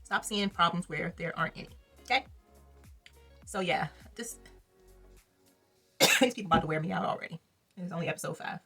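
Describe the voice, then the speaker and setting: A woman's voice: lowish voice, a little fast, gravelly, long pauses, pushed and bright, breathy edge. Sassy, blunt woman ranting over faint music. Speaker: reality TV reviewer. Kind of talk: casual commentary vlog.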